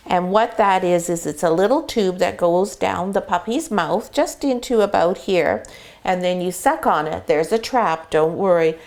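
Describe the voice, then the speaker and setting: A woman's voice: lowish voice, measured pace, a little mellow. A middle-aged woman, a dog breeder, explaining puppy care in a chatty, step-by-step way while sitting in a whelping box indoors. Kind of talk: casual explainer video.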